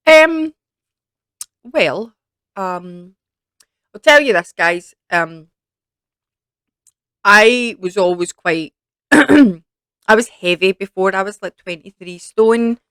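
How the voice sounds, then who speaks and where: A woman's voice: medium pitch, lively intonation, slow pace, long pauses, a bit bright, smooth, dry recording. Scottish woman, young adult, casual rambling chat, dry close sound. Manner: chatty, rambling with many fillers. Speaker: YouTube creator.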